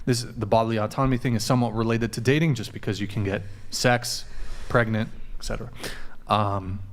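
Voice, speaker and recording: A man's voice: fairly low pitch, steady tone, fairly quick, slight background noise. Swearing, stumbling male podcast host. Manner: rambling, stumbles over words, swears casually. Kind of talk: casual panel moderating.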